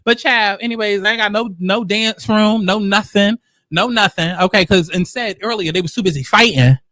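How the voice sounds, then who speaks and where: A male host giving casual reality-show commentary with sass and plenty of swearing. His voice sits high and sounds bright and sharp. The recording is dry and close to the mic. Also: moderate pace, no echo. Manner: sassy, profane, animated storytelling.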